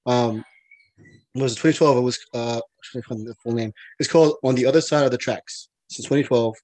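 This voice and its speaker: A man co-hosting a casual movie podcast, excitable and rambling, with many fillers, restarts and laughs. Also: medium pitch, a little fast, no echo. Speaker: podcast co-host.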